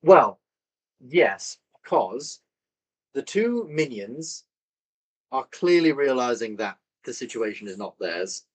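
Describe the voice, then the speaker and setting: A man's voice: medium pitch, sing-song, takes it slowly, poor audio. Man running a tabletop game. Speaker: dungeon master.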